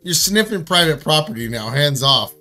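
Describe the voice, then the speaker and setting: A leatherworker with a sharp, bright, fairly high voice jokes with his co-host. He speaks straight to viewers at times. Soft music sits under the talk. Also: animated, normal speed. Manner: joking, talks to viewers directly. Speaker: leather craftsman, show co-host. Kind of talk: casual chat.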